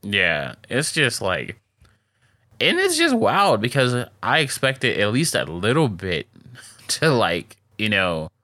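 A man's voice: on the low side, huge pitch swings, slow pace, bright, forceful tone, no echo, clean studio sound. A man co-hosting a casual podcast, recapping anime episodes in slangy, laughing chat full of "like". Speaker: podcast co-host.

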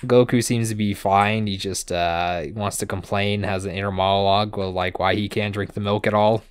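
A sarcastic man recapping episodes on a podcast, swearing offhandedly and slipping into brief character voices. His voice is lowish and smooth, and the recording is close and dry with no room sound. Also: fairly even intonation, no echo. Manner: sarcastic, swears casually, acts out characters in quick asides. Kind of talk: casual comedic recap chat.

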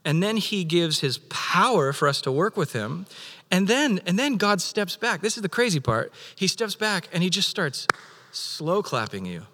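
A man gives a sermon in a church auditorium. His voice sits a bit high for a man. A long reverb from the big hall trails behind his words. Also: moderate pace. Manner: animated, acts out God's voice in quotes. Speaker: pastor.

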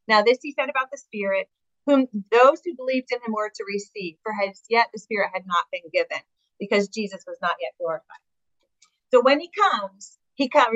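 Woman, Bible study teacher, earnest and enthusiastic, reads scripture aloud, somewhat high voice, dull muffled sound. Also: fairly bright tone, no echo. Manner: earnest, enthusiastic, with fillers and restarts.

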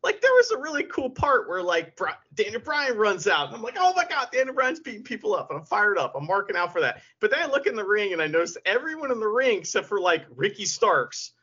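A man's voice: sits high, sing-song, fairly quick, hardly any pauses, sharp tone, breathy edge. A man co-hosting a podcast, telling stories in casual chat, laughing often and swearing freely. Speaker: podcast co-host. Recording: lo-fi podcast audio.

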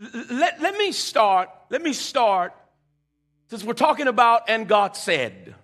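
A male pastor preaching with a high, bright voice that swings widely in pitch. He leads call-and-response, repeats lines, and stumbles over restarts as he builds. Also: very animated, slow. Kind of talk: sermon.

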